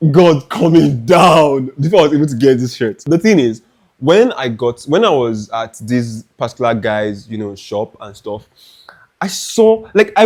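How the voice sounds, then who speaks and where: A young Nigerian man with a Nigerian accent, telling a lively, dramatic story in a chatty clothing haul vlog. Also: medium pitch, slightly rough. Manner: animated, dramatic, restarts often. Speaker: fashion vlogger.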